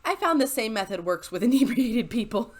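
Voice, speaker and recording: A woman's voice: on the high side, big pitch swings, normal speed. A woman narrating a story into a desk microphone, chatty and sarcastic, with frequent laughs between lines. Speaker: YouTuber reading stories. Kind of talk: storytelling with asides. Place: home desk with squeaky chair.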